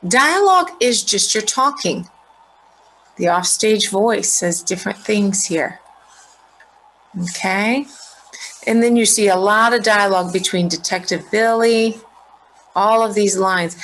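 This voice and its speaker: A middle-aged woman teacher gives a recorded lesson, explaining clearly and checking in with her students. Her mid-range voice is a bit bright, but the audio is poor, with slight background noise.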